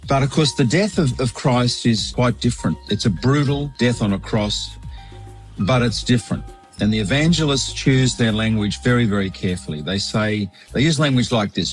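A man, a bishop, giving a measured, explanatory weekly sermon reflection. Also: medium pitch, animated, faint music behind, low-quality recording.

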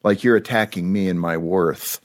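A man's voice: low voice, moderate pace. A male host in a conversational interview, asking long questions with playful voice shifts.

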